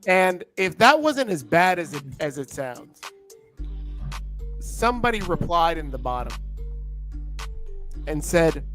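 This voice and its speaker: A man co-hosting a casual wrestling podcast, telling stories in an animated, joking way. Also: a little high, slow pace, long pauses, soft background music. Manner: animated, joking, laughing storyteller. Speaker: podcast co-host.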